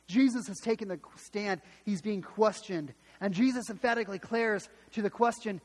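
A man's voice: sits high, moderate pace, hardly any pauses, long reverb tail. A man preaching a sermon, emphatic and dramatic, retelling scripture with repeated restarts. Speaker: pastor.

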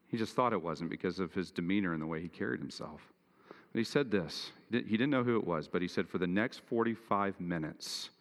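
Deep-voiced man preaching in a reverberant hall. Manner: earnest preaching, rising in pitch and force for emphasis. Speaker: pastor. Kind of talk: sermon.

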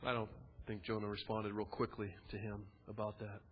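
A man's voice: on the low side, little pitch movement, normal speed, slight background noise. A man preaching a sermon in a conversational way, with casual asides. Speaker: pastor. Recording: dull recording with long hall reverb.

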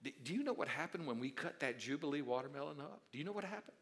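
A man preaching a sermon in a bright, somewhat high voice. He moves from hushed, conversational asides to loud, stretched-out declarations and slows key words for weight. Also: expressive. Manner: dramatic swings from soft asides to loud emphatic declarations. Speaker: pastor.

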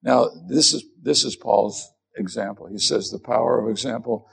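A middle-aged man delivers a sermon, a pastor with a gravelly edge and a somewhat husky tone. He preaches earnestly but conversationally, often turning the point on himself. His pitch sits in an ordinary middle range. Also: normal speed, fairly bright tone.

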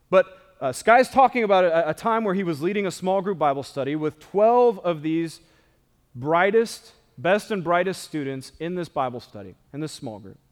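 A man preaching a sermon as pastor, moving from scripture reading into a conversational, animated talk with asides. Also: a little high, big-room sound.

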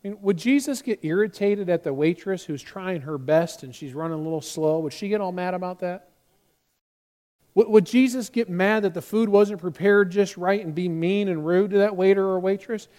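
High-voiced man preaching a sermon. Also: normal speed. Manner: animated preaching, acting out quoted voices. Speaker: pastor.

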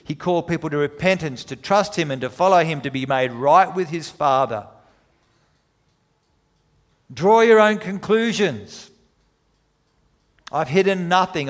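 Male preacher, dramatic emphatic delivery, slightly high voice, big reverberant hall. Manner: dramatic retelling with emphatic pauses. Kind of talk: sermon.

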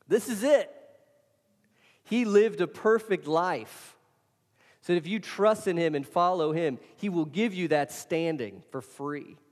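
A male pastor delivers a sermon in a loose, conversational way, pressing his points and addressing listeners directly. His voice sits a little high for a man. The sound rings with a long reverb from a large hall. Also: a little mellow. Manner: casual, emphatic preaching with direct address to listeners.

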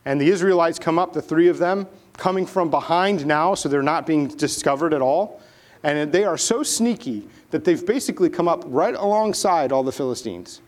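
High-pitched male preacher, animated storyteller; good for a sermon read. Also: normal speed. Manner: animated, dramatic retelling with acted voices.

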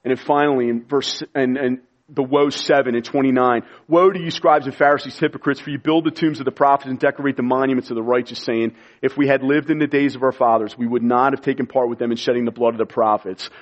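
Man preaching to a congregation, fervent and pleading, recorded on muffled low-fidelity audio. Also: fairly even intonation, fast talker. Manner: impassioned, pleading preaching with sudden quiet drops. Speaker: pastor. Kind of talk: sermon.

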